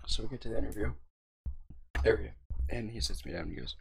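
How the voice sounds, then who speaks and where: A young man casually telling a long, profane story with a wry, deadpan edge, co-hosting a podcast. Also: lowish voice, brisk, creaky, breathy edge. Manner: profane, wry, deadpan delivery of quoted lines. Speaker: podcast co-host.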